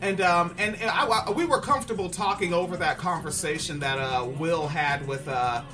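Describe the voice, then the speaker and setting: An animated man hosts a casual podcast review of a show, swearing freely and acting out quoted lines with exaggerated delivery. Music runs under his talk throughout. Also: on the high side, normal speed. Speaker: podcast host.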